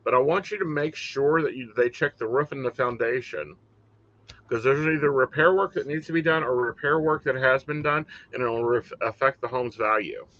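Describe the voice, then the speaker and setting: A man who hosts a live-streamed show and gives psychic readings in a relaxed, matter-of-fact way. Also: mid-range voice, moderate pace, dry recording. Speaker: psychic reader, host. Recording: dull lo-fi stream audio.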